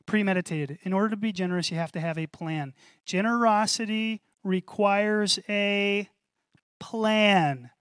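A man preaching a sermon to a congregation, animated, repeating key phrases and calling for responses. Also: high-pitched, unhurried, clean tone, no room sound, studio quality. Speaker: pastor.

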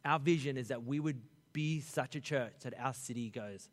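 A man preaching a sermon as pastor, animated and conversational, acting out Bible figures in a casual voice. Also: mid-range voice, moderate pace, few pauses, in a large hall.

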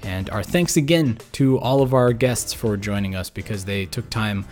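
A man's voice: on the low side, moderate pace, a little mellow, soft background music. A burned-out, exhausted man hosting a podcast, rambling through a casual sign-off with lots of fillers and restarts, mumbling at times. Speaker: podcast host.

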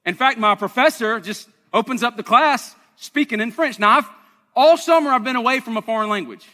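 A man's voice: very high-pitched, brisk, pushed and bright, big-room sound. A man, preaching a conversational, self-deprecating sermon to his congregation in a church. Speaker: pastor. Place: church sanctuary.

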